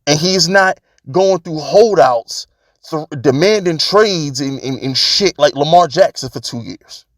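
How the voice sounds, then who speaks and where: A man's voice: fairly high pitch, animated, unhurried, no room sound, studio quality. A man vlogging about his football team, talking casually and emphatically, repeating his points to drive them home. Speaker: sports fan vlogger. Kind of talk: casual opinion rant.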